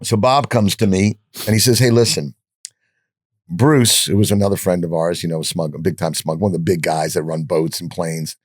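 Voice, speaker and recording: An older man in his sixties with a lowish voice tells lively anecdotes as a podcast guest, stumbling over restarts and swearing casually. The sound is dry and close on a studio mic. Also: fairly quick, few pauses, slightly rough, no echo. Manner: animated storyteller, frequent restarts and swearing. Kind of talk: anecdotal storytelling in an interview.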